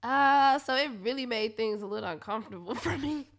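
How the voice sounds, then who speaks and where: A woman's voice: on the high side, a little fast. A woman, candidly telling a profane story to her listeners, often laughing. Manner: profane, laughing, animated retelling.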